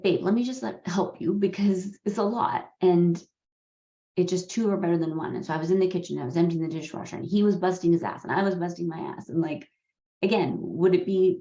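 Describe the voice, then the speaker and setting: A woman in her forties tells a personal story in a candid, earnest way and swears casually now and then. Her voice sits low and mellow. The recording is a little muffled and has an echoey, roomy sound. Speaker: podcast host. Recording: slightly dull, roomy recording.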